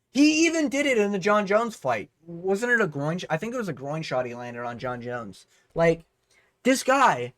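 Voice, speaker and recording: A man's voice: high voice, no room sound. A man hosting a vlog breakdown of a fight card, ranting heatedly with plenty of swearing. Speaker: host.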